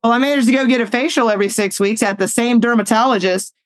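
A woman, telling personal stories in casual talk, animated and laughing often as she acts out the voices in her story. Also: a little high, fast talker, dry recording. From Southern United States.

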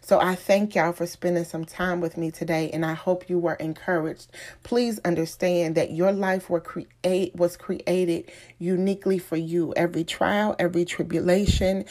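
A woman giving an inspirational speech, emphatic and repetitive, slowing down for effect. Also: lowish voice, a little mellow. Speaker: motivational speaker.

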